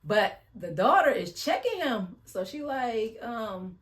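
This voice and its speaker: A woman's voice: on the high side, sing-song, slow. A woman giving a casual, blunt recap of a reality show, chatty and slangy, sighing as she retells scenes.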